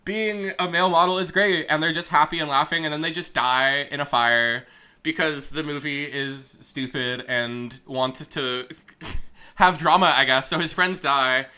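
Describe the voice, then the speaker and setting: A man's voice: mid-range voice, measured pace, sharp tone, smooth. A young man streaming a game playthrough, chatting and rambling between lines and reading the characters' dialogue aloud. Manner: rambling, chatty, laughs often, voices characters loosely. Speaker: let's play streamer.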